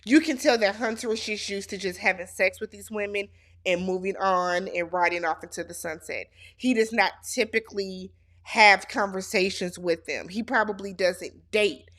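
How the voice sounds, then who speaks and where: A woman's voice: medium pitch, moderate pace, fairly bright tone. Sassy woman recapping reality TV. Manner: sassy, talks straight to the show's cast. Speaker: reality show recap host. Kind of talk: casual show recap commentary.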